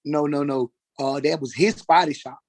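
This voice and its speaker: A man testifying as a witness in a courtroom, halting and repeating words as he goes. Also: a little high, steady tone. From Atlanta, Georgia, US.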